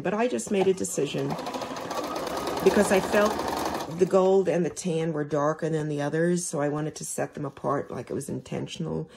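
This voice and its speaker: A chatty woman giving a casual sewing lesson, talking straight to her viewers. Her voice sits low and turns gravelly. A faint hum of noise runs behind her. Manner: chatty, talks to viewers while working. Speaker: quilting instructor.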